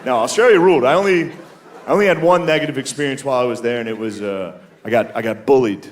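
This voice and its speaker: A man's voice: medium pitch, fast talker. Male stand-up comic before a rowdy crowd. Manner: rambling, laughing through his story, acts out voices. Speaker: stand-up comedian. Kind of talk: stand-up comedy. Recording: live club recording with audience and noise. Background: audience.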